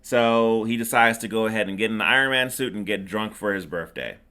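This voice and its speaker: A man's voice: lowish voice, a little fast, sharp tone, clean tone. A middle-aged man hosting a podcast, recapping a movie in a rambling, sarcastic way with plenty of fillers. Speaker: podcast host. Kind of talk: casual movie recap chat.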